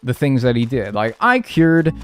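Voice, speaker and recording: A man with a clear, resonant mid-range voice talks at a moderate pace while streaming a video game, rambling casually and profanely through stories. He tells them in an animated way, mimicking voices, with faint music in the background.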